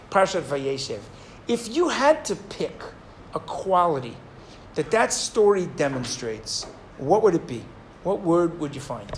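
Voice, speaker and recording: A man teaching a Torah class, telling a story in an animated, digressive way and acting out the people in it. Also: sits high, slight background noise. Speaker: rabbi teaching.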